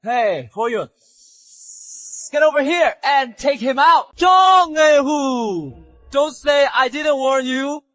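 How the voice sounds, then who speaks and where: A man voicing a cocky young hero in a dubbed drama, taunting his enemies in a slow, deliberate way. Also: extremely high pitch, animated, a bit bright, dry recording, raised voice, full character voice. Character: young man turned cocky healer-fighter.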